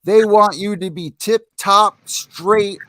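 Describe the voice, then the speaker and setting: A male podcast co-host with an energetic, joking manner, quick to tease. His voice is on the high side and sounds close and dry, with no room echo. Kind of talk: casual podcast banter. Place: home city in the East.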